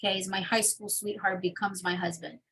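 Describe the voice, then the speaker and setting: A woman's voice: medium pitch, fairly quick, vocal fry. Woman telling her story. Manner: casual storytelling, animated. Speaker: interview guest. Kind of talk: personal testimony.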